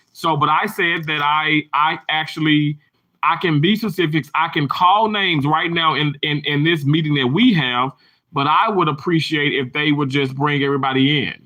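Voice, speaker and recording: A man talking straight to his viewers in a casual, candid way. His voice is pitched a little high, with a bright, forceful edge. He tells his story with animated energy. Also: highs cut off.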